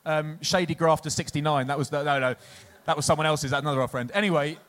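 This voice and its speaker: A man's voice: on the high side, fairly even intonation, quick pace, fairly bright tone. A man from England, co-hosting a live chat show, tells long, rambling anecdotes and laughs at his own punchlines. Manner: chatty, rambling storyteller, laughs at own stories. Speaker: podcast co-host, former rugby player. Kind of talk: casual anecdote-telling before a live audience.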